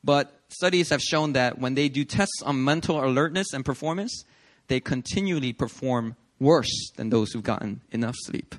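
A young man preaching a sermon in a casual, animated, conversational way, acting out little quoted scenes. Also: mid-range voice, moderate pace. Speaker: pastor. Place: church service.

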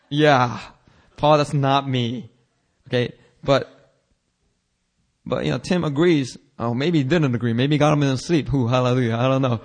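A male pastor preaching a casual, animated sermon, acting out Bible characters in changing voices and using slang. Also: fairly high pitch, moderate pace.

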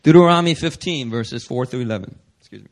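A man preaching a sermon as pastor, reading scripture aloud and then putting rhetorical questions to his congregation. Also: medium pitch. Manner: slows for emphasis on key verses.

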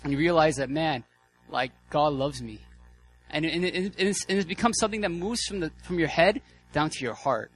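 A man preaching a sermon as a guest speaker, casual and excitable, with many fillers and restarts. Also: a little high, fast talker, few pauses, breathy edge, faint music behind, low-quality recording. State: out of breath.

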